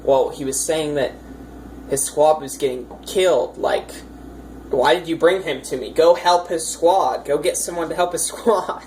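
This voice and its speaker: A woman's voice: low-pitched, measured pace, a little mellow, a little hiss or hum, low-quality recording. Woman retelling an exasperated temple priest. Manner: incredulous, scolding.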